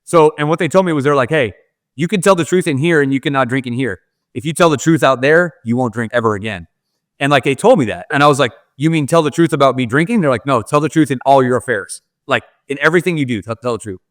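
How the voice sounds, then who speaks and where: A man's voice: mid-range voice, quick pace, fairly bright tone, no room sound, studio quality. A man, a podcast guest, telling a personal story in candid, casual talk full of "like" fillers.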